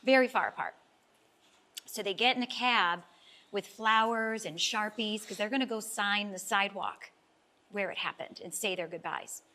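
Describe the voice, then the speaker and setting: Speaking at normal speed with a medium pitch and a sharp tone, this middle-aged woman tells a moving story from her own life. She's a life coach being interviewed on a talk show, and her earnest, heartfelt delivery sometimes brings her near tears.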